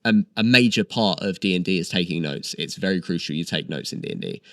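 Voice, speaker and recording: Deep-voiced young man chatting. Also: lively intonation, fast talker, gravelly, a bit bright, no echo, clean studio sound. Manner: chatty and enthusiastic, with many fillers. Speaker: actor guest. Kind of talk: casual interview chat.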